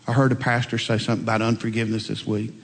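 A man preaching a sermon, telling folksy stories and swinging between loud emphatic lines and quiet asides. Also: fairly low pitch, completely flat delivery, racing, gravelly. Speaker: pastor. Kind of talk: sermon with storytelling. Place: church sanctuary. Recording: long reverb in a large hall.

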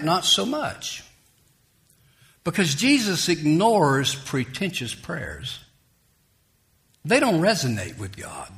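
A man preaching a sermon, emphatic and dramatic, voicing the people in the story as he retells it. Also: a little high. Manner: lively, emphatic preaching, rising loud for quoted lines.

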